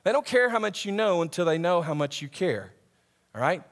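In a church hall with a live audience, a young male camp director preaches in a conversational style, asking listeners questions and reading from scripture. He has a high, sing-song voice and speeds up during the scripture readings.

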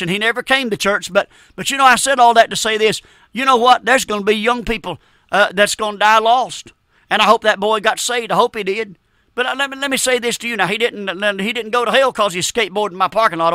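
A man's voice: high voice, bright, forceful tone, dry recording, clean studio sound. A man, preaching a fervent radio sermon, emphatic and repetitive, often calling his listeners friend. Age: 50s.

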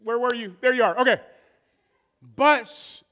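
High-voiced pastor preaching with shouted peaks. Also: male voice. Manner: swings from shouted climaxes to low, slow, quiet stretches; drawn-out emphatic repetition. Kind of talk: sermon.

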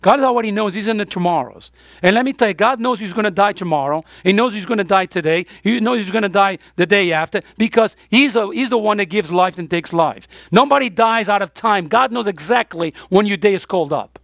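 A man's voice: sits high, a little fast, creaky, a bit bright, no echo, studio quality. A man preaching a sermon as pastor, emphatic, with his voice rising on the key points.

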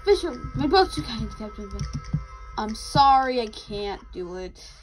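A woman's voice: fairly high pitch, very animated, a little slow, soft background music, rough recording. A young woman giving casual commentary as she plays a game, reading out the characters' lines and answering them. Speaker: gamer.

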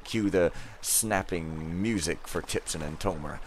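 A man's voice: deep voice, measured pace, a little hiss or hum. A man giving casual let's play commentary, rambling with self-mocking, jokey asides.

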